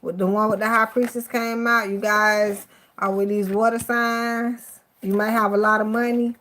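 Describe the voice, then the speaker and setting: A woman's voice: mid-range voice, flat delivery, normal speed, fairly bright tone. A woman with a Miami accent giving a live tarot reading, affectionate and emotional, cursing casually and sounding teary-eyed. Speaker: tarot card reader.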